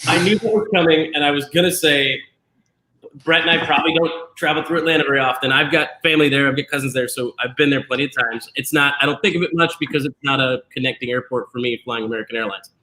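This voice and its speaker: A man's voice: fairly high pitch, quick pace, pushed and bright, slight background noise, poor audio. A man hosting a casual live-stream chat over a video call, joking and ribbing his co-hosts. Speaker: host.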